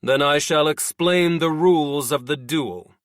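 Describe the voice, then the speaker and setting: A man voicing a formal male official who announces duel terms in a loud, measured way. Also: fairly high pitch, dry recording, studio quality, close to an everyday voice.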